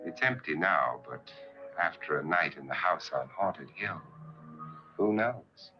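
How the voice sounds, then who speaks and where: A sardonic millionaire host. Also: male voice, deep voice, lively intonation, a little slow, dull audio. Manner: dry, sardonic and smooth. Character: suave wealthy man hosting a sinister party. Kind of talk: 1950s horror film acting. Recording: old film soundtrack with music behind.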